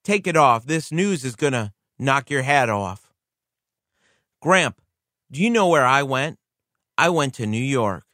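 A man's voice: medium pitch, lively intonation, a little slow, long pauses, pushed and bright, dry recording. Heartfelt blind little girl writing to gramps, as a man reads her letter, dry close sound. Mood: eager, heartfelt. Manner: eager, wondering, heartfelt.

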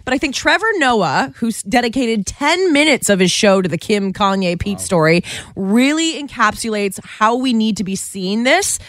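A woman's voice: fairly high pitch, animated, normal speed, a bit bright, dry recording. Woman co-hosting morning radio, chatty and emphatic, dry studio sound. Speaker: radio morning show co-host. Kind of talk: casual radio chat.

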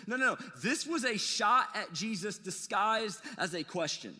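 A man preaching a sermon, telling stories in a casual, animated way with slangy asides. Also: high voice, moderate pace, few pauses, in a large hall. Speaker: pastor.

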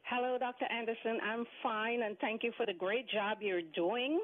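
A woman's voice: fairly high pitch, steady tone, normal speed. Guyanese woman calling in by phone. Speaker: caller. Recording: tinny phone line.

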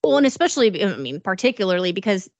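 A woman's voice: medium pitch, sing-song, fast, a little mellow, no room sound, highs cut off. A woman co-hosting a podcast, chatting about celebrity news in a curious manner that trails off. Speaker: podcast co-host. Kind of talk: casual gossip chat.

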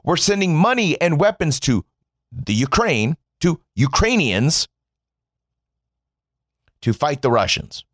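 A man from the United States delivers a biting, sarcastic rant straight to his viewers, swearing freely. His pitch swings widely as he mocks and jabs, and the recording is dry and close, with no room sound. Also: very animated, takes it slowly, long pauses, dry recording. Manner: sarcastic, profane, addresses viewers as "folks". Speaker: political commentator. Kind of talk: sarcastic commentary monologue.

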